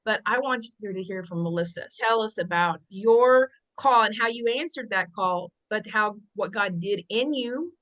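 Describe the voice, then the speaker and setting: A woman's voice: mid-range voice, moderate pace, few pauses, rough recording. A woman hosting a faith podcast who eagerly welcomes her guest and asks her to share her story. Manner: eager, warm welcoming questions. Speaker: podcast host. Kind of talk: interview podcast.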